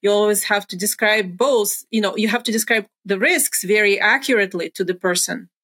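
A woman's voice: mid-range voice, a little fast, fairly bright tone. Earnest middle-aged woman explaining methodically. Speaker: guest, former pharmaceutical research executive. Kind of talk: explanatory interview talk.

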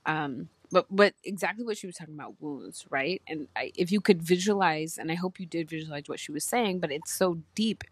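A woman podcast host talks earnestly and emotionally, circling back and restarting her thoughts. Her voice sits a little low, and the recording is close and dry. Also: a little fast, hardly any pauses, husky, dry recording. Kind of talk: heartfelt casual talk.

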